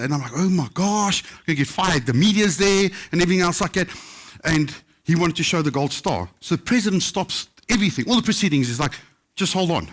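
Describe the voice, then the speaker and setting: A man with a South African English accent, his voice sitting a little high, tells stories to a live audience. He acts out the voices of people he quotes as he goes. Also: a little fast. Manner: animated anecdotes, acting out quoted voices. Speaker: chef telling stories. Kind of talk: live storytelling talk. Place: book festival stage.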